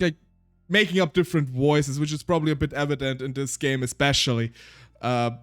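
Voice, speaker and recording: Chatty man streamer, slightly high voice. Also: fairly quick, faint music behind. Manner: chatty, laughs often, stumbles and restarts. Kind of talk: casual chat while reading game text aloud.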